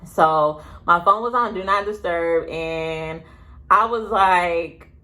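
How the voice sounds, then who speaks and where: A young woman telling a story to her viewers in a casual vlog, rambling and chatty with quick asides. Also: lowish voice, sharp tone. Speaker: vlogger. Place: indoors, sitting at home.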